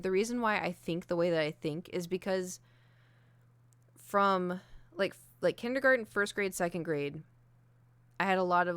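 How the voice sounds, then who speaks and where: Low-voiced young woman streamer chatting. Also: fairly bright tone, smooth, no room sound. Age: young adult. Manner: candid, self-deprecating, many fillers. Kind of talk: casual chat. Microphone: desk mic with ring light.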